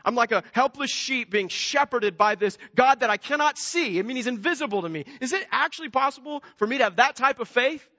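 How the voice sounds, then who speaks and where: High, bright-voiced man preaching in a hall. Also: a little fast, hardly any pauses. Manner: animated, swings between loud emphasis and hushed storytelling. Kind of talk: sermon. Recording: dull lo-fi sound with long hall reverb.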